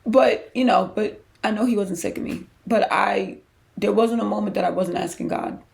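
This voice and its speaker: A woman's voice: mid-range voice, moderate pace, vocal fry, a little mellow. A woman hosting a podcast, telling her personal faith story in a candid, emotional, conversational way with loose restarts. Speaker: podcast host.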